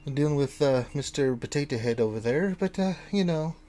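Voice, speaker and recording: Weary sensible young gnome woman, animated voice, voiced by a male game master. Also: on the high side, fairly quick, natural voice. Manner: exasperated, sighing.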